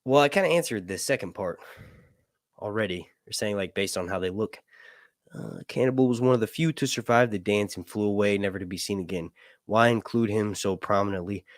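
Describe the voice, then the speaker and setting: A man's voice: fairly low pitch, a little fast, dry recording, studio quality. A man hosting a casual livestream Q&A, rambling through fantasy lore and swearing casually. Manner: rambling, swears casually, asks "right?" often. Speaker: host of a livestream Q&A.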